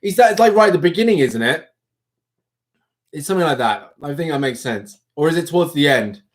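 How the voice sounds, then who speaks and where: A young man hosting a livestream, chatting casually with viewers in an animated, rambling way. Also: a little high, brisk. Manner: chatty, animated, self-interrupting. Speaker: livestream host. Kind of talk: casual live chat with viewers.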